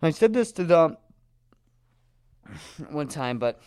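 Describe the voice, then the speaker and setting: A man and comedian, from Erie, Pennsylvania, talking alone on his podcast in a rambling, animated way, swearing freely. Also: fairly high pitch, takes it slowly, smooth, no echo. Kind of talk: solo podcast monologue.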